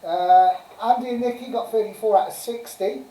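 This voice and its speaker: A woman's voice: fairly high pitch, moderate pace, warm tone. A woman hosting a casual live-stream quiz, chatty and giggly as she reads out answers and scores. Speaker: quiz host. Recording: roomy sound from a distant mic.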